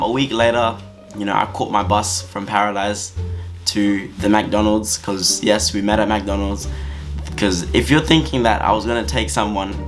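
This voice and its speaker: A man telling a story-time anecdote in an animated, slangy, casual way. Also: lowish voice. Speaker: vlogger.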